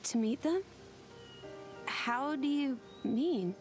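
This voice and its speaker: A woman voicing a gentle, polite young female blade companion in a game, heard under a player's commentary. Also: high-pitched, animated, extremely slow, faint music behind, heavily acted.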